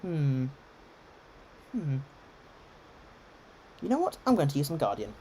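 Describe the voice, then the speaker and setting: A man's voice: a little high, wildly swooping pitch, slow pace, dark tone, a little hiss or hum. A man with an English received-pronunciation accent, giving chatty live gameplay commentary full of ums and restarts. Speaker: game streamer.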